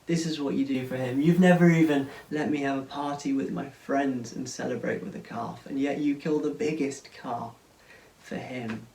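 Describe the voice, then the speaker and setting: A man's voice: mid-range voice, darkish tone, natural voice. A man doing a bitter older brother. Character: resentful, furious older brother, hardworking young man. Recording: roomy sound, mic at a distance.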